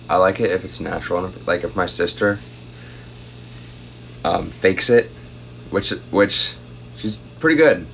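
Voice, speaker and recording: A man's voice: deep voice, a bit bright, slight background noise. A young man chatting casually on a phone livestream at home, reading out viewer comments and thanking them for gifts.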